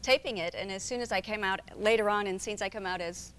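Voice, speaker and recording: A woman from South Dakota in her forties, a talk show guest telling animated anecdotes and acting out the people she quotes. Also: fast talker, clean tone. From South Dakota, USA. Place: TV studio with audience. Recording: faint rumble, satellite TV capture.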